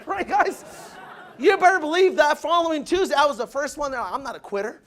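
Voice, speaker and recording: A young man giving an energetic motivational business talk to a crowd, calling them "guys" and acting out what people said. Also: very high-pitched, brisk. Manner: energetic, addresses the crowd as guys, acts out quotes. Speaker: motivational speaker.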